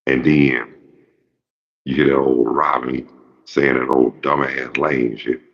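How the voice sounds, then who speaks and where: Extremely low-pitched, flat and slow, a man in his fifties hosts his own show, rambling through a jokey, casual monologue packed with profanity. The recording is dull and lo-fi.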